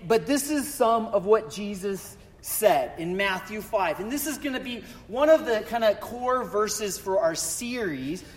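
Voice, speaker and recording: A man with a high voice preaches to his congregation, a pastor who keeps things loose with jokes and self-deprecating asides. His words trail off into the long reverb of a large church sanctuary. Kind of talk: casual humorous sermon.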